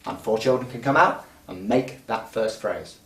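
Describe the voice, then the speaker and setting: A middle-aged man giving a patient, clear, step-by-step explanation as a music teacher trainer. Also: on the low side, expressive, moderate pace, heavy background noise. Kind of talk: instructional explanation. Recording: roomy sound from a distant mic.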